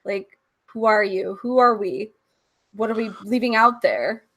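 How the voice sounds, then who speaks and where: A woman's voice: medium pitch, unhurried, a bit bright. A woman from California, a podcast guest, chatting candidly and laughing and swearing freely. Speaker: podcast guest, cam performer. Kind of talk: casual chat.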